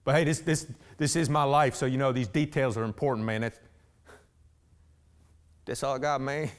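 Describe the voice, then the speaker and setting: At normal speed and with a steady tone, a medium-pitched male voice sounds close to everyday speech. He performs a one-man stage monologue as a rambling blue-collar husband addressing a police officer, restarting his sentences and using "man" constantly.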